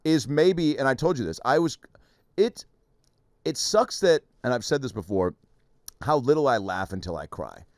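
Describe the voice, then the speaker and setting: A man hosting a podcast, telling stories in an animated, laughing way with some swearing. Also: mid-range voice, moderate pace, dry recording, clean studio sound. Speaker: podcast host. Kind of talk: casual interview chat.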